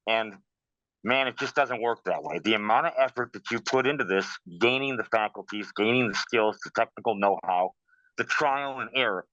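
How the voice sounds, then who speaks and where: Man, casual interview talk, animated storyteller, dry muffled sound. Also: fairly low pitch, normal speed, no echo. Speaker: guest practitioner.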